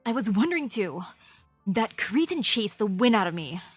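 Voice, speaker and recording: A woman puts on a proud, refined young man from a video game, speaking slowly in formal, old-fashioned phrases. His voice is slightly husky and sits near the middle of a woman's range. Soft game music plays underneath. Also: mid-range voice, sing-song, dry recording, voice pushed down. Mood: wary.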